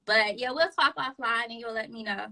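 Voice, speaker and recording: A woman in her thirties with a high, very bright voice guests on a casual live stream as a therapist. She chats freely, laughs often and restarts her sentences as she goes. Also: brisk, poor audio.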